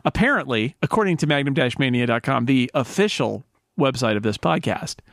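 A man's voice: mid-range voice, expressive, fairly quick, creaky, no room sound, clean studio sound. A man hosting a podcast, recapping a show in a rambling casual way. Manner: rambling recap, many restarts. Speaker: podcast host. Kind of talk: casual chat.

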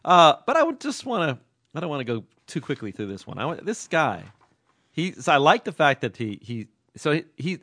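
A man hosting a podcast in casual, rambling chat, playful and quick to laugh. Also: a little high, big pitch swings, pushed and bright, no echo. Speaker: podcast host.

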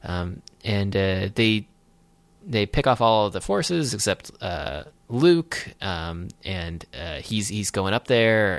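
Wry sarcastic man, lively voice. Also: lowish voice, takes it slowly, no room sound. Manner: wry, sarcastic, joking asides. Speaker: podcast host. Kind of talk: casual film commentary chat.

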